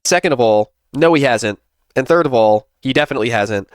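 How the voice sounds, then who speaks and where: Man co-hosting, sarcastic rant, rapid delivery, smooth clear voice, dry sound. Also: mid-range voice, dry recording. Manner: sarcastic, suspicious ranting. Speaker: co-host. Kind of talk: casual commentary.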